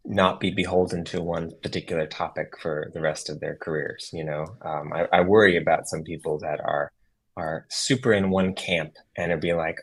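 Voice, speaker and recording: Deep husky-voiced man chatting. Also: fairly even intonation, normal speed. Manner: easygoing, agreeable, frequent short replies. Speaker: co-host. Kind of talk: casual livestream chat about web development.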